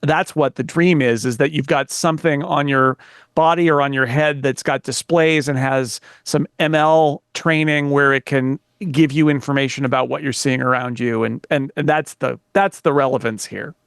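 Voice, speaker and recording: A man's voice: mid-range voice, steady tone, moderate pace, gravelly, clean tone, dry recording, clean studio sound. A man co-hosting a tech podcast in casual panel talk, wry and rambling with joking asides. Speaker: podcast co-host.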